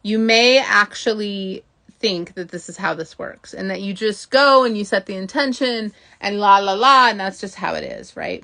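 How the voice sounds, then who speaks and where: A woman giving a casual motivational talk as a mindset coach, chatty and animated, often asking "right?" and acting out inner thoughts. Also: medium pitch, a little fast.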